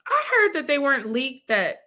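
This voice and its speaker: A woman's voice: sits high, huge pitch swings, normal speed, pushed and bright. A woman co-hosting a casual podcast chat who answers in short reactions and laughs easily. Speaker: podcast co-host.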